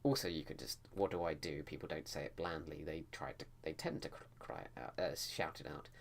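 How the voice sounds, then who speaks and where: Low-voiced man rambling about writing. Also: brisk, creaky. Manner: rambling, with frequent restarts. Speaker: writing vlogger. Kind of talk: casual talk to camera about editing.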